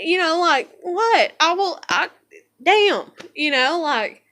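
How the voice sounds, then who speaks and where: A woman's voice: extremely high pitch, sing-song, slow, bright, forceful tone. A woman in her thirties venting in a rambling, profane, frustrated monologue. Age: 30s. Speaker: vlogger.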